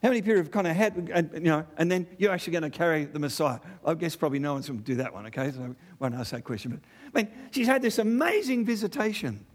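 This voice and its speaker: An Australian man in middle age delivers a lively sermon, throwing rhetorical questions and quick asides at his listeners. His voice sits a little high for a man and swings widely in pitch as he presses each point. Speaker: preacher.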